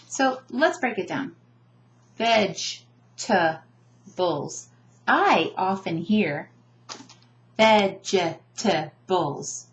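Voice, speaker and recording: A woman language teacher explains pronunciation at a slow, unhurried pace, with a mid-range voice. She draws out each example word carefully, syllable by syllable. Between examples her tone stays casual and she keeps checking in with a "right?". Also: mid-range voice. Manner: slow, drawn-out enunciation of demonstration words.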